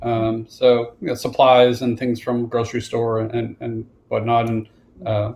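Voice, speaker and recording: A man's voice: medium pitch, completely flat delivery, unhurried, vocal fry, darkish tone. A man on a video-call panel, speaking in an easygoing way with hesitant fillers. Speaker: panelist therapist. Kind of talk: casual panel discussion. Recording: roomy echo with faint noise.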